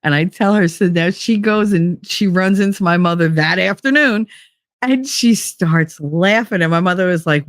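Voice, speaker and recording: Animated New woman telling stories. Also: mid-range voice, measured pace, no room sound, studio quality. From Hoboken, New Jersey. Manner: animated, swears freely, frequent laughter. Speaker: podcast host. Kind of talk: casual storytelling chat.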